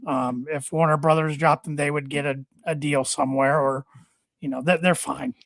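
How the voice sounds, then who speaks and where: Guy cohosting a wrestling podcast, kinda higher voice, repeats words a lot, dry close mic. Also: steady tone, fairly bright tone, no room sound. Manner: halting, repeats words often. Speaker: podcast co-host. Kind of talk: casual wrestling podcast chat.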